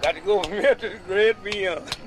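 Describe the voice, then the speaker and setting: A man's voice: high voice, moderate pace, heavy background noise. An older man, chuckling through a folksy comic tall tale at a medicine show, outdoors. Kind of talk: comic storytelling monologue.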